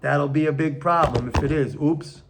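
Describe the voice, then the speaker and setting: An older man giving a casual, emphatic opinion monologue on economics, slowing down to stress his points, recorded on a camera on a tripod. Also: on the high side, heavy background noise. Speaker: economics commentator.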